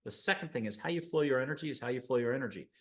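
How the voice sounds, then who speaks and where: A man from the United States hosting a spiritual show, talking in an enthusiastic, rambling monologue full of animated asides. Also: mid-range voice, rapid-fire. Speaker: host.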